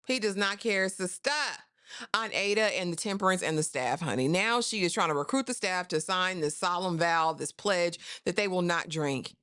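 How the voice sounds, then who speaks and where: A woman talks through a TV episode recap in a casual, chatty way. She is sassy and often tosses in "honey" or "girl". Her voice sits a little low for a woman. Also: moderate pace, few pauses, a bit bright, no echo, studio quality. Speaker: TV recap host.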